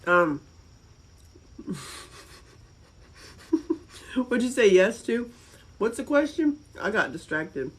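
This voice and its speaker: A woman's voice: fairly high pitch, very animated, slow, long pauses, breathy edge, low-quality recording. A woman from North Carolina with a Southern accent, chatting casually and rambling on a livestream. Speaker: livestream host.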